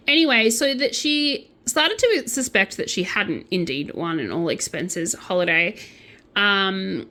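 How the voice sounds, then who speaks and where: A woman's voice: mid-range voice, very animated, a little slow, bright, forceful tone. A woman chatting casually about scam stories while crocheting, with playful, jokey asides. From Australia. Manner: playful, jokey asides, breaks into mock accents. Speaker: vlogger. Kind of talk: casual true-crime chat while crocheting.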